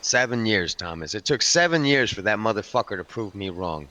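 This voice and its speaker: A hardened biker club enforcer from a role-play game, voiced by a man. His voice sits low, with a forceful, bright edge, and he swears his way through a rambling yarn, calling the listener by name. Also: lively intonation, a little fast. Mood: tense storytelling. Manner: profane, rambling storyteller; keeps addressing the listener by name. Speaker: roleplay character telling a story.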